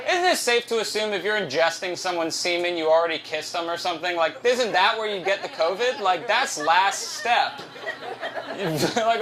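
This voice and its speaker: A man's voice: sits high, background noise. A man doing a stand-up comedy set at a live venue, loose, profane and self-mocking, on a handheld stage mic.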